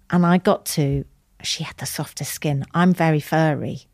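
Woman, deep voice, candid emotional storytelling, whispered quotes, dry close sound. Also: steady tone, normal speed, a little mellow, dry recording. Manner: candid, tender, chatty, acts out quoted lines in whispers. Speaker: guest.

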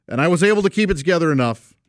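A man's voice: on the high side, lively intonation, rapid-fire, no echo. Guy rambling through a funny story, keeps chuckling, voice all over the place, dry close sound. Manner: chuckles often while telling the story; rambling, self-correcting delivery. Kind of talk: casual anecdote telling.

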